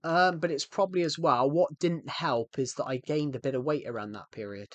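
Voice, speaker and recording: A man chats casually on a live stream, rambling and jokey, interrupting himself and restarting sentences often. His voice is a little high, a bit bright and brisk, with no room sound.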